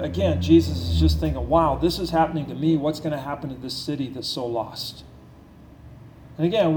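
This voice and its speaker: Male pastor, slightly high voice, earnest building sermon delivery, echoey room sound. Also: darkish tone. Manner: earnest, repetitive preaching with slowed emphasis and rising intensity.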